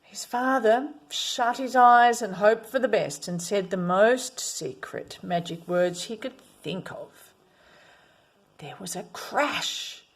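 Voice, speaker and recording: A woman reading a children's picture book aloud, expressive, at times dropping to a whisper. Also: medium pitch, takes it slowly. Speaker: storyteller.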